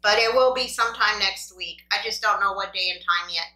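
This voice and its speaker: A woman's voice: medium pitch, a little fast, bright, forceful tone, far from the mic. A woman hosting an eating video, chatting to her viewers in a rambling, self-deprecating way. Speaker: mukbang host. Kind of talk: casual chat while eating. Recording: echoey room.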